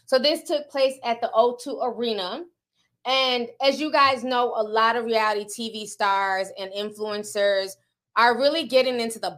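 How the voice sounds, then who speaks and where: Woman vlogger, high pitched, gossipy and laughing, slangy chat delivery. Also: fairly bright tone. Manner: chatty, laughs often, slangy asides. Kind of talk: casual gossip commentary.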